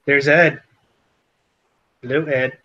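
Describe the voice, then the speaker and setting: Bright-voiced Chicago-area man chatting on stream. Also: mid-range voice, fairly even intonation, slow, highs cut off. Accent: Chicago-area Midwestern. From Chicago area, Illinois. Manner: chatty, greets viewers by name. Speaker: co-host of a livestream. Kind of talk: casual livestream chat.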